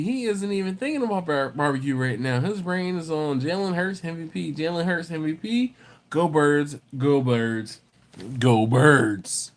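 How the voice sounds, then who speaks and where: A man hosts a barbecue live stream, chatting casually, reading viewer comments and joking with people by name. He lives in the Baltimore area but isn't from there, and his animated, jokey voice is a little high and a little slow.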